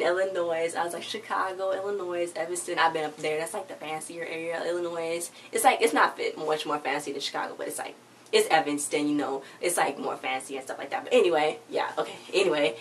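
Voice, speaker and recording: A woman casually recapping a TV episode in a rambling way, filling her talk with "like" and restarts. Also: fairly low pitch. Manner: rambling, filler-heavy, "like" every few words. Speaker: TV episode reviewer. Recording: distant mic, faint background noise.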